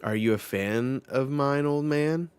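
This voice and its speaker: A man's voice: mid-range voice, a little slow, clean tone, no echo, voice pushed up, lightly acted. A man voicing a tired, polite young nobleman, read aloud from a manga. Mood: wary. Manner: questioning, polite.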